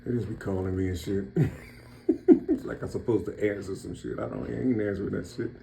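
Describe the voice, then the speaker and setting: A man's voice: lowish voice, steady tone, brisk, vocal fry, mellow, a little hiss or hum. A man from Ohio giving a casual, repetitive monologue on hidden codes in words, talking straight to his listeners in a preachy way. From Cincinnati, Ohio, US. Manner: repetitive, circling back on phrases; preachy, addressing listeners directly. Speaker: channel host.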